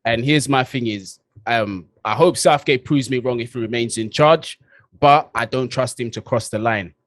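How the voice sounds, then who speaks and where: A man's voice: mid-range voice, moderate pace, dry recording. A man weighs in on a casual football chat with frank, firm opinions. His voice sits in a middle range and sounds close and dry.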